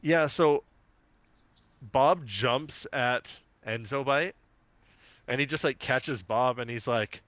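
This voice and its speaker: Guy cohosting a podcast, animated storyteller, laughs a lot, dry close sound. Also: medium pitch, slow, pauses often, dry recording. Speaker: podcast co-host. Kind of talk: casual chat recapping a cartoon episode.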